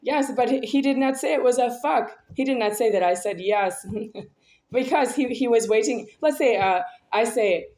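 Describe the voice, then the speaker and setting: A woman with a fairly high voice rambles through a personal monologue, halting over fillers and restarting her sentences. Her talk is intense and aggrieved. The recording is roomy and echoey. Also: darkish tone. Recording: echoey room.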